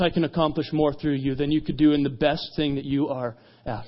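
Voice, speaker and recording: Man, preaching, lively storytelling, fairly high voice, dull lo-fi recording. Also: fairly quick, few pauses. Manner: animated, acts out dialogue, rises in pitch and volume at climaxes. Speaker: youth pastor. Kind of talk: sermon with storytelling. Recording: dull lo-fi sound.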